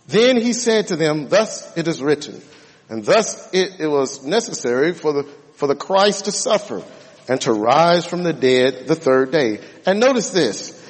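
Male preacher, sermon delivery, high, husky, emphatic stresses, reverberant hall. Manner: emphatic, drawn-out stresses on key words.

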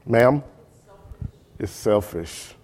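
A man's voice: fairly low pitch, expressive, very slow, a little mellow, breathy edge. A man leading a Bible study class, asking the group questions, checking in often and repeating words for emphasis.

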